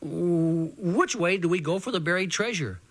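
A man voicing an excited young boy who is exploring the woods with his friends in a storybook reading. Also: sits high, normal speed.

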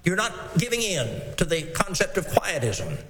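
High-pitched guy preaching slow and emphatic, verse by verse, echoey hall sound. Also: big pitch swings, noisy background. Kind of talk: expository sermon. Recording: long reverb in a hall, faint ambience.

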